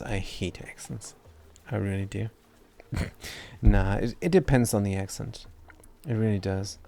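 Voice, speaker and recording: Low, mellow non-native English-speaking man. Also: a little slow, gravelly, a little hiss or hum. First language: not English. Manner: rambling, self-deprecating, stumbles and restarts words. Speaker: gaming streamer. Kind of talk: casual gameplay commentary.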